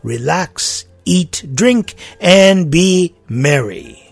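A man preaching a sermon, emphatic and deliberate, repeating his key phrases for weight. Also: on the high side, animated, vocal fry, slightly rough, no room sound, soft background music.

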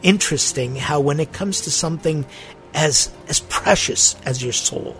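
A man's voice: fairly high pitch, moderate pace, vocal fry, fairly bright tone, soft background music. A man who is a priest, hosting his own spiritual podcast in a playful, tongue-in-cheek, conversational way.

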